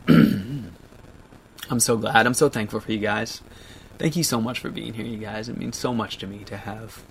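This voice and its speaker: A man in his thirties hosting a livestream, reading viewer comments aloud and talking through them, choked up and laughing through tears, with halting restarts. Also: on the low side, steady tone, creaky, fairly bright tone, slight background noise. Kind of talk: emotional casual livestream chat.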